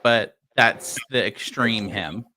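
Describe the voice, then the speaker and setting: Bright-voiced man in laid-back chat. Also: lowish voice, slow pace. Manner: hedging, loose, with lots of filler words. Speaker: podcast co-host. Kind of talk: casual movie-review chat.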